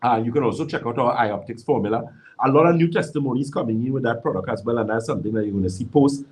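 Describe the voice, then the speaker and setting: A man's voice: medium pitch, racing, darkish tone, poor audio. A man giving natural health advice on a live stream and answering viewers' questions. He talks emphatically and repeats key words for stress. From Trinidad and Tobago.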